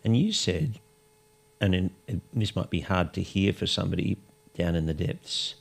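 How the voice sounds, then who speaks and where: Gravelly deep-voiced male host. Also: expressive, normal speed. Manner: candid, asks probing questions. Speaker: podcast host. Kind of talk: conversational interview.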